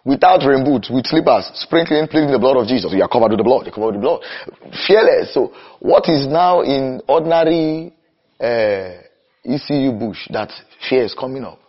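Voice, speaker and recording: A young man preaching a sermon with passion, slowing down to cry out key phrases and then rushing through lists. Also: medium pitch, lively intonation. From Nigeria. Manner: impassioned, swings between slow emphatic cries and rapid runs. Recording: dull lo-fi recording.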